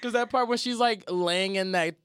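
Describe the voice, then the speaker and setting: A teacher chatting on a podcast, animated and profane, acting out quotes in dramatic voices. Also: medium pitch, moderate pace, clean tone, no room sound, studio quality. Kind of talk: casual podcast chat.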